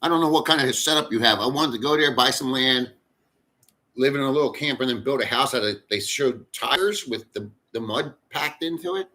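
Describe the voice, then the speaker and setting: Middle-aged male livestreamer, bright forceful voice, loose profane rambling chat. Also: medium pitch, a little fast. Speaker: livestream host. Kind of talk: casual live chat with viewers. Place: in the Philippines.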